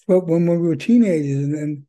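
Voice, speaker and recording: A man's voice: a little high, fairly quick, warm tone. An older man telling his story at a recovery meeting, earnest and rambling, with many fillers and repeated words. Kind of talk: personal testimony.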